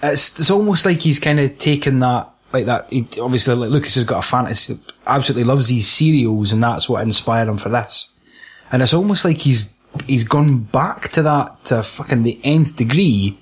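Man, Scottish accent, husky voice, casual film chat, sweary, jokey. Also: medium pitch, moderate pace.

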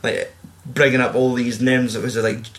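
A man's voice: mid-range voice, level tone, moderate pace. Sweary man chatting about a film. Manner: swears a lot, acts out quotes in raised voices. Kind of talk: casual film chat.

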